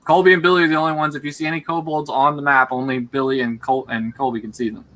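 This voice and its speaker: A man running a tabletop game as game master, talking in halting bursts full of fillers and restarts. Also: medium pitch, level tone, fairly bright tone, slight background noise.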